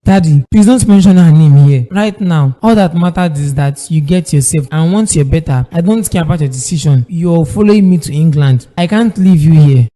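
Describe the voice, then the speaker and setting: An actor voicing a worried, grieving young son in a cartoon drama, with a Nigerian accent and a distressed, pleading way of speaking. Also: male voice, fairly high pitch, moderate pace, few pauses, dark tone, long reverb tail, natural voice. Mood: distraught. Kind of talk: cartoon voice acting.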